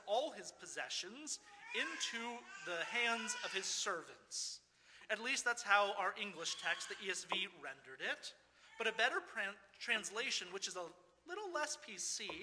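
Bright-voiced pastor preaching in a reverberant church. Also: male voice, high voice. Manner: earnest, rhetorical questions and repetition. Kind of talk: sermon. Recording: long reverb of a church hall.

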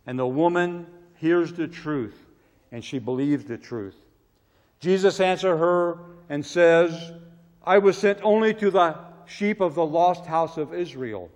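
A man preaching a sermon with emphatic delivery, his voice swelling loud and falling low. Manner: emphatic, rising to loud cries on quoted prayers, then dropping low. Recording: long reverb of a large hall.

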